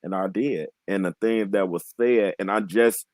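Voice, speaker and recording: A man in his late twenties with a fairly low voice speaks openly and from the heart as a panel guest. He is earnest and halting, and he restarts his sentences as he works through his thoughts. The sound is dry and close, with no room echo. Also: a little mellow. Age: 20s. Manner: heartfelt, emotionally open. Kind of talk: candid panel conversation.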